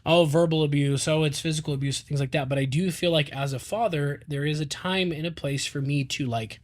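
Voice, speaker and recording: A man's voice: on the high side, a little fast. A man in his thirties, a podcast co-host, talking casually in a rambling way with lots of fillers. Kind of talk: casual chat.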